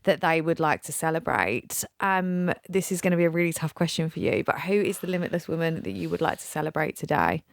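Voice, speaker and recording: A woman's voice: deep voice, animated, fairly quick, few pauses, no room sound. A young adult woman hosting a podcast, chatting effusively and enthusiastically with her guest. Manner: effusive, enthusiastic, swears casually. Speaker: podcast host. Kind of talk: casual interview chat.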